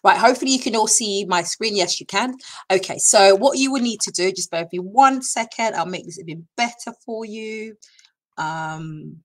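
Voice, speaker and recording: This woman has a mid-range voice and speaks at a moderate pace, though the audio is poor. As a school staff member running an online session through her computer mic, she keeps things chatty and encouraging, using many fillers.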